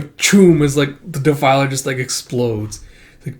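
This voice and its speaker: A man casually recapping a comic book, jumping into loud, animated voices for the characters and swearing now and then. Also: mid-range voice, normal speed. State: dry throat from shouting.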